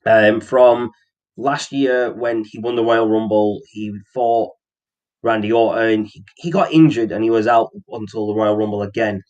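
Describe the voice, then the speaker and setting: Man, casual wrestling chat, lowish pitch, halting, lots of fillers. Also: fairly even intonation, darkish tone, lo-fi sound. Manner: rambling, frequent ums and restarts. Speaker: podcast co-host.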